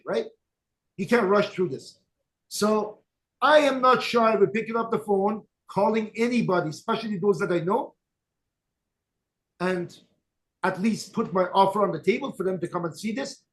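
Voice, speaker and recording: A man who leads in network marketing, telling motivational stories in an emphatic, direct way and repeating his key points. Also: high-pitched. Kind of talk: motivational storytelling talk.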